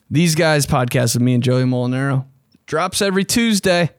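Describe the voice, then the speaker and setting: A young man hosting a casual podcast monologue, excitable and slangy, swearing freely and often jumping into high mocking voices. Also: normal speed, no room sound, studio quality. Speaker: podcast host.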